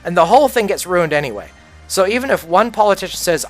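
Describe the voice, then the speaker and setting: A man's voice: sits high, lively intonation, fast talker, soft background music. A man livestreaming a game, ranting casually in a blunt, profane, opinionated way. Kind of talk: casual rant while gaming.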